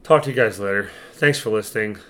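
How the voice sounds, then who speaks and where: A man in his thirties with a hoarse, worn-out voice, chatting casually and rambling cheerfully as a podcast co-host. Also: lowish voice, quick pace, a bit bright. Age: 30s.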